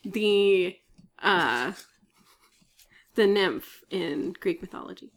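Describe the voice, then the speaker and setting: A woman's voice: lowish voice, lively intonation, very slow. A woman co-hosting a podcast, retelling a myth in a chatty storytelling way with many fillers and frequent coughs. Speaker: podcast co-host. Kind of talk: casual chat, retelling a myth.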